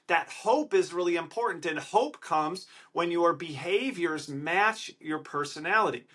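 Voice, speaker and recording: A man from Wisconsin with a Wisconsin accent and a nasal, slightly congested-sounding voice, hosting a motivational podcast from a hotel room in a loud, excited, emphatic way. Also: a little high, measured pace. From Wisconsin, USA. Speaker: podcast host. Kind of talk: energetic motivational podcast monologue.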